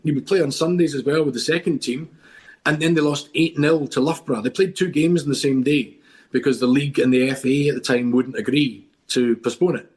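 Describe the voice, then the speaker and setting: A man's voice: mid-range voice, darkish tone. A middle-aged Scottish man, a podcast guest, telling long stories with enthusiasm and lots of restarts. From Scotland. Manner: enthusiastic rambling storyteller with many restarts. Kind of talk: casual podcast chat.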